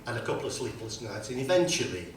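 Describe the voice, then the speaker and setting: A man, introducing his song on stage in a rambling, self-deprecating way with many halting fillers. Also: medium pitch, big pitch swings, a little hiss or hum. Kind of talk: live stage storytelling between songs. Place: live music venue with audience. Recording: roomy live recording from a distant mic with guitar.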